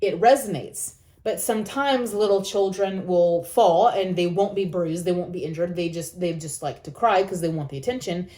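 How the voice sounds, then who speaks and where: A woman's voice: fairly low pitch, moderate pace, few pauses, mellow. A woman talking earnestly to camera, giving encouraging advice and repeating phrases for emphasis. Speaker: vlogger. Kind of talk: reflective personal talk.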